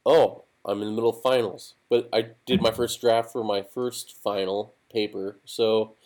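A man's voice: lowish voice, steady tone, normal speed, a little mellow. A young man, a student, talking in a casual chat and laughing easily.

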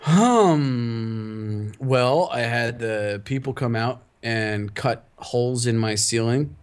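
A man's voice: mid-range voice, slow, smooth. A man co-hosting a podcast in casual chat, rambling with lots of fillers and laughing often. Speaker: podcast co-host.

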